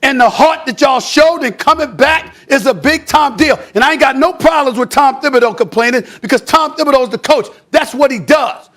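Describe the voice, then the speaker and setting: Loud ranting male sports pundit. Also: very high-pitched, animated, normal speed, hardly any pauses. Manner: loud, emphatic ranting, often shouting. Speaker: sports commentator. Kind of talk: heated sports debate. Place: TV studio.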